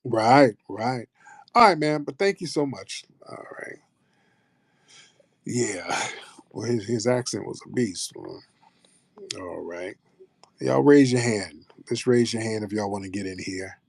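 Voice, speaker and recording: A man's voice: mid-range voice, animated, normal speed, creaky, no echo, clean studio sound. A man hosting an online audio show, chatting loosely and playfully with plenty of swearing. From United States. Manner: loose, profane, playful banter. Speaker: host. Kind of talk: casual chat.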